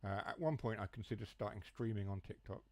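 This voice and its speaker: Low-voiced Nottinghamshire man chatting. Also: quick pace, no room sound. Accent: Huthwaite, Nottinghamshire. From Mansfield area, England. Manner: rambling, joking asides, drops H's and T's. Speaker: train sim streamer. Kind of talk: casual chat while gaming.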